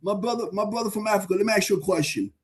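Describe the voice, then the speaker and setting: A man in his fifties with a high voice that comes out fast. He presses his question again and again as a panelist in a heated podcast debate. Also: husky. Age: 50s. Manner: insistent, repeats his question.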